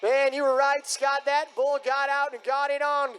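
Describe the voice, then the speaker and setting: A man announcing a live bull riding event in an arena, booming and hyping up the crowd. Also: completely flat delivery, moderate pace, fairly bright tone, faint music behind. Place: rodeo arena.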